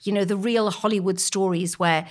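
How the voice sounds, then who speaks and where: A woman's voice: mid-range voice, normal speed. Chatty woman telling stories as a podcast guest. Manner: chatty, animated storyteller. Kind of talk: casual podcast chat.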